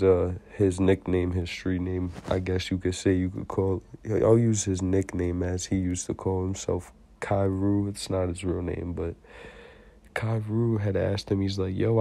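A young man casually telling a personal story in slangy talk, heatedly acting out the shouted lines of an argument. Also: deep voice, gravelly. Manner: slangy, heated retelling with acted-out shouted quotes.

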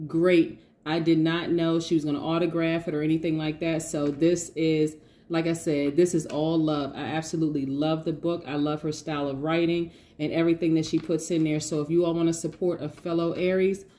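A woman giving a lively tarot reading, talking casually to her viewers and hyping them up with affirmations. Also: low-pitched, a little fast. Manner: lively, hypes viewers with call-and-response affirmations; casual, says y'all, laughs often. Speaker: tarot reader. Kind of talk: energetic motivational tarot reading.

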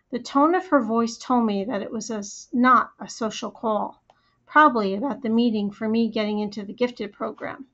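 A woman reading a first-person children's story aloud in a lively, chatty storytelling manner. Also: a little high, normal speed. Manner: lively, chatty storytelling as a young girl narrator. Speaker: audiobook reader. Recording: slightly muffled recording.

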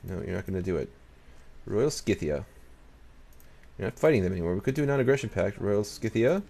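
A man's voice: on the low side, expressive, fairly quick, creaky, warm tone. A man giving casual let's-play commentary as he plays, muttering to himself, talking back to the game's nations and swearing now and then. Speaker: gaming channel host.

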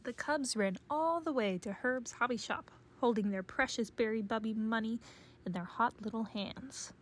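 A woman narrating a children's picture book read-aloud in a gentle, measured storytelling voice. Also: a little high, a little hiss or hum. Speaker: storybook reader.

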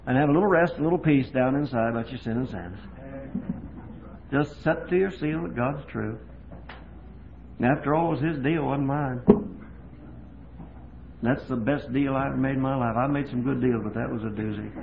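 A man preaching a sermon in a folksy storytelling way, moving from quiet chat to loud, fervent preaching. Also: medium pitch, moderate pace, creaky, pauses often. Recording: tinny lo-fi tape with faint hiss.

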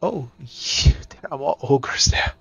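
A man narrating a solo tabletop game and thinking aloud as he rolls dice, hesitant and unhurried. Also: medium pitch, lively intonation, fairly bright tone, breathy edge.

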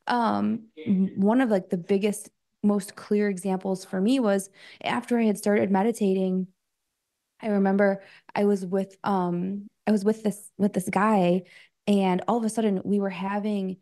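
A woman's voice: medium pitch, fairly even intonation, normal speed, dark tone. A woman coach speaking as an interview guest, talking in a loose, chatty way with lots of fillers and little acted-out asides of her own thoughts. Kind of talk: casual interview talk.

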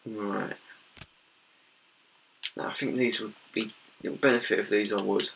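A young British man gives rambling, self-deprecating commentary over a video game, with a bright, forceful tone. He sounds a little distant from the mic, with a faint hiss of noise in the background. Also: lowish voice, little pitch movement, moderate pace, vocal fry, long pauses. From Britain. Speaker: gaming YouTuber. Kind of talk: casual gameplay commentary.

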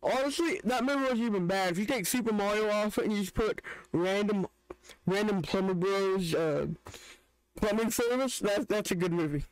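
A man's voice: high voice, moderate pace, clear, resonant tone, no echo, rough recording. A young man hosting a reaction video, joking and ranting in casual, rambling commentary. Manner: joking, rants with restarts.

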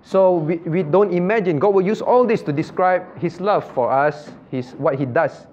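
A man's voice: moderate pace, a little mellow. A male pastor, teaching an interactive Bible class, repeating points and asking his listeners questions. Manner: repetitive, asks the class questions, loose non-native grammar. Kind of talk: interactive Bible study lecture. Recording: dull low-fidelity room recording with faint background noise.

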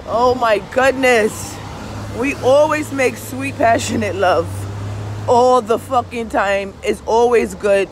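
In a fairly high voice and at a slow pace, this vlogger and tarot reader gives an outdoor confessional monologue over a faint hum of traffic. She swears a lot, repeats herself for emphasis, and keeps turning to the listener to ask "you understand?"

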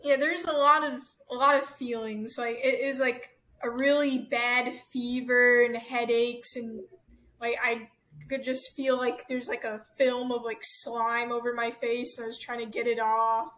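A young woman answering interview questions in a halting way, with many fillers. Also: a little high, level tone, fairly bright tone. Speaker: guest.

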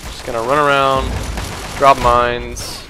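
A man's voice: mid-range voice, flat delivery, slow pace. Wry young man narrating gameplay over gunfire. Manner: wry, rambling, puts on silly voices for enemies. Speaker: gameplay commentator. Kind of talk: casual let's play commentary. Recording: game audio noise behind voice. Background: gunfire and game sounds.

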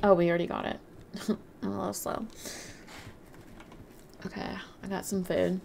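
A woman's voice: mid-range voice, little pitch movement, normal speed, creaky, noisy background. A woman live-streaming a game, chatting casually, rambling and reading out and answering her chat. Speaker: livestreamer.

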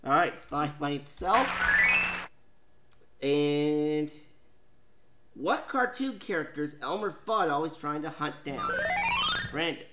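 A man from Canada hosting a home-made game show, reading questions and prizes in a lively, chatty, jokey way. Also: fairly high pitch, slow, long pauses, soft background music.

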